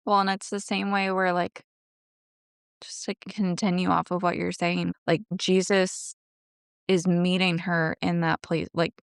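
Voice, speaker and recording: A woman co-hosting a faith podcast, speaking in a gentle, reflective way. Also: lowish voice, little pitch movement, measured pace, vocal fry, smooth, no echo, studio quality. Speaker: podcast co-host. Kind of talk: casual faith chat.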